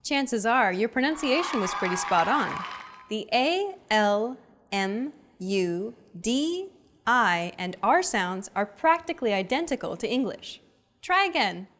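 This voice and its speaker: A woman hosting a scripted language lesson, explaining clearly and evenly. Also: fairly high pitch, very animated, a little slow, a bit bright. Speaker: lesson host.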